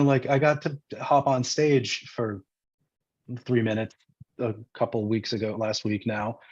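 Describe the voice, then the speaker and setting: A man calling into a live stream, speaking casually and haltingly with many fillers. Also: medium pitch, a little mellow. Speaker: guest caller. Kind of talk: casual chat. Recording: dull lo-fi call audio.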